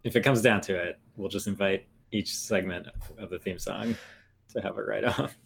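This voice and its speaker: Gravelly low-voiced man, joking podcast banter. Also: moderate pace, slight background noise. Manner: playful, joking, laughs often. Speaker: podcast co-host. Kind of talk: casual chat.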